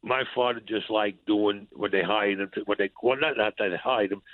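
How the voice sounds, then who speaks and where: A man's voice: moderate pace, no room sound. A New man recounts an old story, animating every line of remembered dialogue. His voice comes through a tinny phone line, close and dry with no room sound. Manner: animated storyteller who acts out dialogue with rising pitch. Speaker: interview guest.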